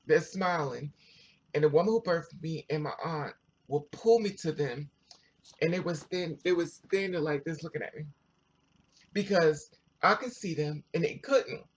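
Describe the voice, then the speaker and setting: A vlogger telling a personal story to viewers in a chatty, animated way, full of asides. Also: medium pitch, normal speed, slightly rough. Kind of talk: casual storytelling to camera.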